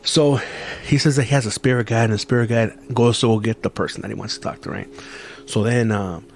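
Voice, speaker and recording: A man's voice: mid-range voice, brisk, vocal fry. A young man hosting a podcast who tells a story in loose, profane casual chat and drops Spanish phrases into his English. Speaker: podcast host.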